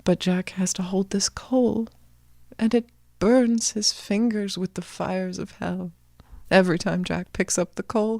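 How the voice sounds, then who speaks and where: A woman hosting a podcast, telling a folk legend in a playful, animated way. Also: mid-range voice, unhurried, vocal fry, no echo, studio quality. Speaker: podcast host, storyteller. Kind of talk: casual storytelling chat.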